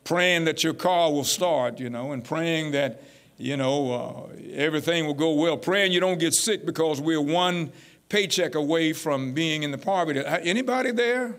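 A pastor preaching a sermon, calling out to his congregation and building to shouts. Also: a little high, normal speed. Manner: call-and-response preaching, rising to shouts.

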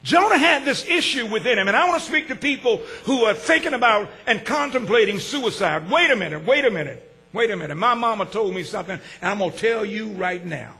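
A man, preaching a sermon with call-and-response, swinging from shouts to hushed asides. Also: high voice, lively intonation, a little fast. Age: 60s. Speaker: pastor.

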